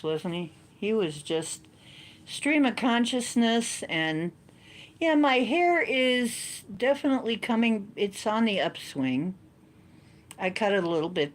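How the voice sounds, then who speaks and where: A woman's voice: sits low, slight background noise. A woman hosting a card-reading live stream, chatting in a playful, joking way. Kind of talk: casual chat on a live stream.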